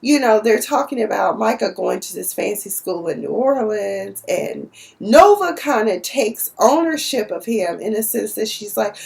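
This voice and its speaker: A woman's voice: mid-range voice, animated, unhurried, creaky, a little mellow. A young woman from Dallas, sassily recapping a TV episode in a casual, outspoken way. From Dallas, Texas. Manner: sassy, outspoken, cussing.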